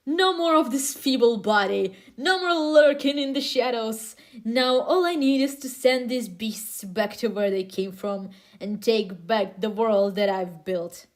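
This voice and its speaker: A woman's voice: fairly high pitch, a little slow, few pauses, lightly acted. A woman voicing a scheming villain from her comic, speaking in a smug, taunting way. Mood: menacing.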